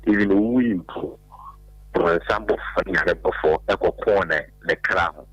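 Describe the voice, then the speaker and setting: A man's voice: deep voice, a little slow, fairly bright tone, breathy edge, dry recording. A Ghanaian man calling into a radio show, rambling hesitantly. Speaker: caller. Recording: dull phone line with faint music.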